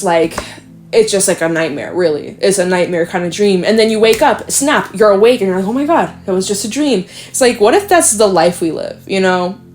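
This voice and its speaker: Giving a tarot reading, this young woman rambles and chats, packing in fillers, frequent laughter, and offhand swearing. She has a medium-pitched, slightly mellow voice.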